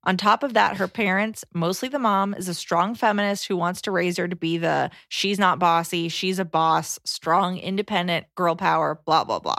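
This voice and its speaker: A woman in her thirties co-hosting a podcast, chatting and reading listener letters in an animated, exasperated way. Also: on the low side, normal speed, creaky, hardly any pauses, no echo, studio quality. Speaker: podcast co-host.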